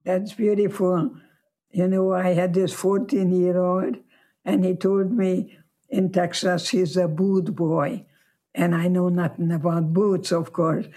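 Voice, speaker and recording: A woman in her nineties, a guest telling her life story slowly and reflectively. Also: fairly low pitch, little pitch movement, warm tone. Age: 90s.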